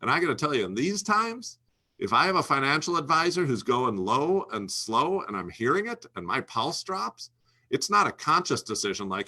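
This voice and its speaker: A man's voice: a little high, very animated, normal speed, pushed and bright, slightly rough. A man speaking as a guest, coaching financial advisors in an emphatic, instructional way and repeating his key phrases. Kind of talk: instructional talk to a host.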